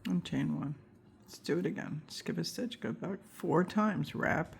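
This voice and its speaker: A woman's voice: on the low side, unhurried, creaky, a little hiss or hum. A woman teaching a crochet tutorial step by step, counting stitches aloud with chatty asides, and she has the hiccups. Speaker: crochet instructor.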